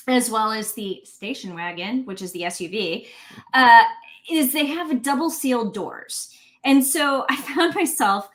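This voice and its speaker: A woman co-hosting a pickup truck livestream who explains things casually and relies on fillers. Her voice sits a bit higher than most women's. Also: fairly bright tone. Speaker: co-host of a truck show.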